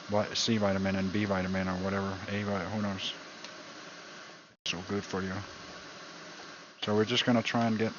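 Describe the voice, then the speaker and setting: A man cooking on a casual stream, rambling and joking and repeating himself as he works. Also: fairly low pitch. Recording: dull lo-fi sound with background noise.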